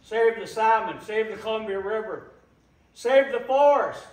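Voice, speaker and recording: A man giving an impassioned public talk, slow and emphatic, repeating phrases for weight. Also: high-pitched, expressive. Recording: echoey room, voice from a distance.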